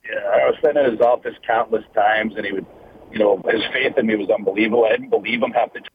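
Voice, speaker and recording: A man's voice: on the low side, fairly even intonation, fast talker. A Scottish man in his thirties, a wrestler, telling his story in an earnest, reflective way over the phone. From Scotland. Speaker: guest wrestler. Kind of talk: casual interview over the phone. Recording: tinny phone line with faint noise.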